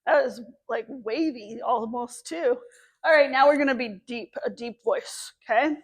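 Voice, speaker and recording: High, slow, sing-song librarian woman. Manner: animated sing-song, slow and clear for kids. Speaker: children's librarian. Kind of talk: story time for young children.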